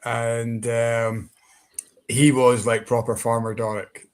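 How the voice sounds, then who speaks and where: A man's voice: mid-range voice, flat delivery, takes it slowly. Easygoing man chatting. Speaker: co-host. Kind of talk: casual podcast chat.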